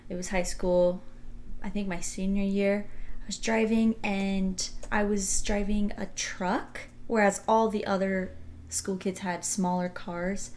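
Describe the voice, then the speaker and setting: A young woman co-hosting a podcast, telling a story in an animated way and laughing often. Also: medium pitch, measured pace. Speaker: podcast co-host. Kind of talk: casual chat.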